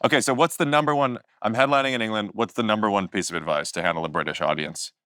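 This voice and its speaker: A man's voice: on the low side, fast, sharp tone, no room sound, clean studio sound. A man hosting a casual podcast chat, asking playful, teasing questions. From United States. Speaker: podcast host.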